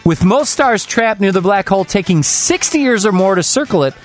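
A man's voice: high-pitched, lively intonation, a little fast, soft background music. A man co-hosting a casual, jokey talk show, reading news items aloud with asides. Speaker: co-host. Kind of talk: casual radio-style banter.

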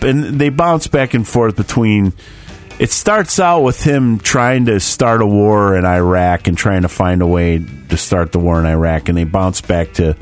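A man in casual chat, rambling through a story with lots of swearing and laughs. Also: fairly low pitch.

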